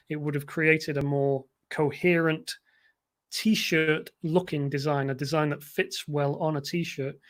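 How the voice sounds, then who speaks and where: Male livestream tutor, slightly raised pitch, conversational critique, chuckles now and then. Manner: conversational, frequent restarts, occasional chuckles. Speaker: design educator hosting a livestream.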